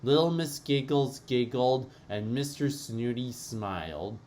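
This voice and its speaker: A man's voice: mid-range voice, slow pace, a little mellow. A man reading a homemade cartoon story aloud as narrator.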